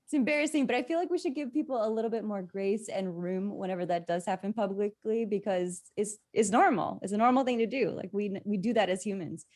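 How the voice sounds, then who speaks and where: A woman's voice: medium pitch, brisk, hardly any pauses, a little mellow. A woman hosting a casual chat, talkative and reflective, with easy laughs. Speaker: host.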